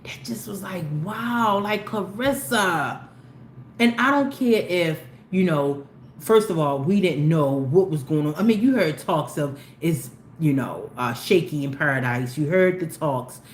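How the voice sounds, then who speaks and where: A woman hosting a casual celebrity gossip commentary, animated and opinionated, with slangy talk that swings between low asides and loud exclamations. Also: unhurried. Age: older. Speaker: commentary host. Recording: echoey room with faint ambient noise.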